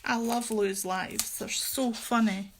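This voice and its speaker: A woman's voice: a little high, fairly even intonation, slow pace, a little hiss or hum. A woman hosting a casual crafting livestream from her craft room, chatty and gushing, often giggling.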